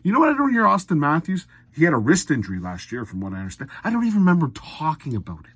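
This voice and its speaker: A man giving a blunt, exasperated hockey recap rant, swinging from muttered asides to loud outbursts. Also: a little high, wildly swooping pitch, racing, breathy edge, no room sound. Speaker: sports commentary vlogger.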